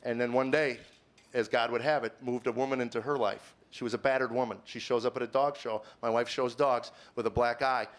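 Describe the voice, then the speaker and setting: A middle-aged male comedian on stage, telling a personal story in a heartfelt, confessional way. His voice sits at an ordinary middle pitch. He stumbles over repeated words, then builds to emphatic, sermon-like declarations before dropping back to a hushed, reflective tone. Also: steady tone, fairly quick. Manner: earnest, stammers with repeated words, swings from quiet musing to emphatic preaching. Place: stage before a live audience.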